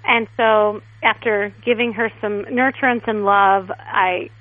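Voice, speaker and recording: A woman guest stylist in a casual interview, telling stories in a chatty, animated way. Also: medium pitch, a little slow. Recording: tinny phone line.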